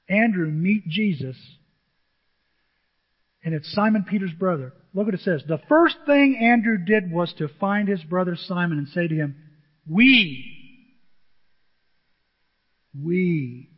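A pastor preaching a lively sermon to his church, acting out quotes in different voices. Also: sits high. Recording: dull lo-fi sound with long hall reverb.

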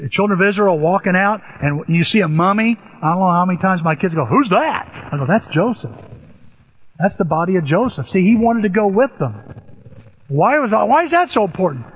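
Older pastor preaching in an echoey hall. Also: male voice, sits high, husky. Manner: animated, storytelling with sudden rises. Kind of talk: sermon. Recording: echoey hall, dull lo-fi sound.

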